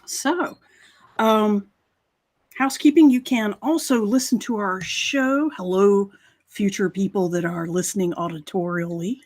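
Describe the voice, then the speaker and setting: A woman's voice: mid-range voice, unhurried, darkish tone. A woman co-hosting a live stream, with a Carolina Southern accent, chatting casually and laughing often. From North Carolina. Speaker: co-host.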